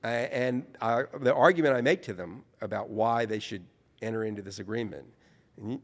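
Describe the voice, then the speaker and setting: In a large hall, a man with a lowish voice speaks fairly quickly, telling anecdotes as an interview guest. He's an author from New Orleans, animated in manner, who often starts over and corrects himself partway through sentences.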